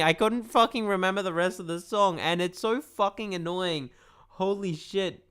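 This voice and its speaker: A man's voice: high-pitched, moderate pace, a bit bright, clean tone. A man streaming a game playthrough, talking casually, swearing often and rambling between lines of dialogue.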